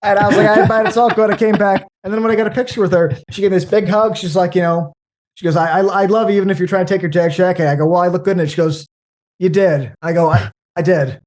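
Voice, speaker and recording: Rambling, animated man chatting about movies. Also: high voice, fast talker. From American Midwest. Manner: rambling, animated storyteller with many restarts. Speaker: podcast guest. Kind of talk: casual movie chat.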